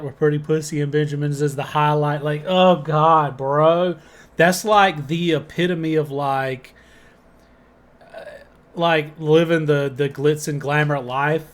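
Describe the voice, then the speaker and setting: A man with a Southern US accent hosting a music reaction video, talking in a rambling, excitable way with many fillers. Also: a little high. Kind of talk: casual reaction commentary.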